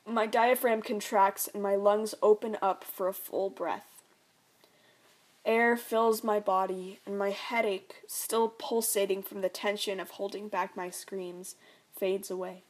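A young woman narrating her own story in the first person, soft and reflective. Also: medium pitch, little pitch movement, a little slow.

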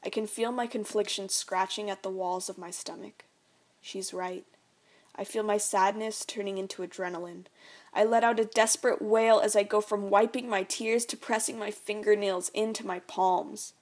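A young woman reading her own memoir aloud in a quiet, reflective way. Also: medium pitch, steady tone, normal speed.

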